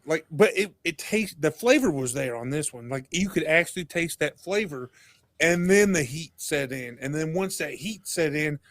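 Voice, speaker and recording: A man's voice: on the high side, dry recording. A man guesting on a podcast, chatting casually and acting out the voices in his stories. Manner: animated storyteller, acts out quotes. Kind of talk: casual chat.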